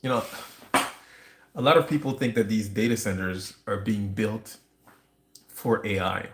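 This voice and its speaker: Gravelly low-voiced man ranting. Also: measured pace, noisy background. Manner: rambling, conspiratorial, with restarts and wry laughs. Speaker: livestream host. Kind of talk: casual ranting monologue. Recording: roomy echo.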